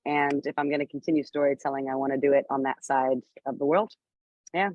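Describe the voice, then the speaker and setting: A woman's voice: rumbling low, steady tone, brisk, darkish tone, no room sound. Bubbly woman laughing on a dull video call. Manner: bubbly, laughs often, filler-heavy. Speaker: actress guest. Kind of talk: casual interview over video call.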